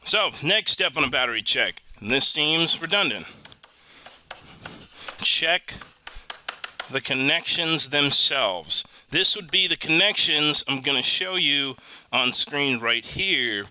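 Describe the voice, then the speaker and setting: A man's voice: a little high, animated, slow pace, bright, forceful tone, slight background noise, poor audio. A man teaching an automotive electrical lesson in a casual, joking way, full of asides. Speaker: automotive instructor. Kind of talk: recorded online lesson.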